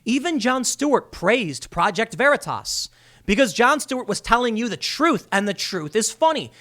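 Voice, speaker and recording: A man's voice: high voice, bright, forceful tone. A man hosting a solo commentary show, ranting with exasperated sarcasm and mocking the people he quotes. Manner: mocking voices when quoting people. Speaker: political commentary host.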